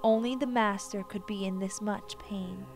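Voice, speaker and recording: A woman narrating a sad story slowly, in a hushed, sorrowful voice that often drops to a whisper. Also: mid-range voice, steady tone. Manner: slow, hushed, sorrowful delivery. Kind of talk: dramatic story reading. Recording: music playing behind.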